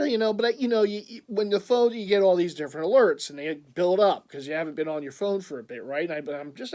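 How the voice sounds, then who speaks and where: A man chatting casually in a vlog, rambling and excitable, laughing often. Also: high-pitched, fast. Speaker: vlogger.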